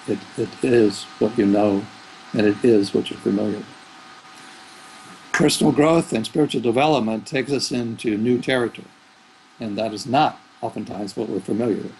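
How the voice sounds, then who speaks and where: A man's voice: lowish voice, moderate pace, darkish tone, slight background noise, poor audio. A man who is a spiritual teacher, giving rambling, thoughtful answers in an interview. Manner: rambling, thoughtful, with fillers and restarts.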